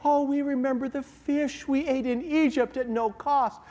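A nasal, whining grumbler moaning about the food, pitched well above the speaker's usual range, as a man puts it on. The voice rings out in a big reverberant hall, as if mimicked from a pulpit. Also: steady tone, normal speed, darkish tone. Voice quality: whiny. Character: whiny complaining crowd of wanderers. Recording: long reverb of a large hall.

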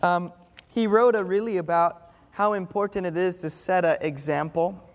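A man with a high voice preaches a sermon to his congregation. He is earnest, with playful comic asides. His voice rings out through the long reverb of a large church hall. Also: steady tone, normal speed. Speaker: pastor.

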